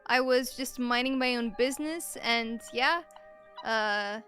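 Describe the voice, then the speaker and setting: Bright-voiced woman playing her character. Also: fairly high pitch, slow pace, faint music behind. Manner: evasive, offhand. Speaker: player. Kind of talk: in-character tabletop role-play.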